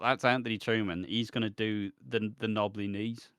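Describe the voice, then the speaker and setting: A man co-hosting a podcast in casual chat, mocking and swearing in quick banter. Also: fairly low pitch, steady tone, fairly bright tone, smooth, no echo, studio quality. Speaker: podcast co-host.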